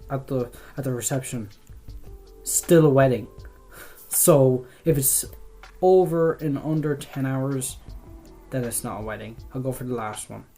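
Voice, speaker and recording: A man's voice: mid-range voice, dark tone. A young Irish man chatting casually through a quiz, rambling and swearing freely as he trails off mid-thought. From Ireland. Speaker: vlogger doing a quiz. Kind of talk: casual chat.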